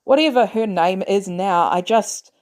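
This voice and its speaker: A woman voicing a gentle, guarded young male soldier who speaks softly and carefully. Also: medium pitch, unhurried, lightly acted. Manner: soft, quiet, careful.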